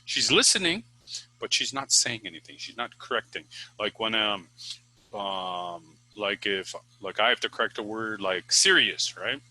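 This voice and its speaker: A man's voice: on the low side, lively intonation, measured pace, sharp tone, no room sound, poor audio. A man who teaches English, giving casual advice to the camera in a chatty way, with many fillers and restarts.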